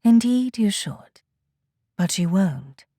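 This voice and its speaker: A woman voicing a hushed, cryptic alien elder. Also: medium pitch, animated, slow pace, no echo, clean studio sound. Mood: solemn, cryptic. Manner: hushed, half-whispered, solemn. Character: calm cryptic alien female elder teacher.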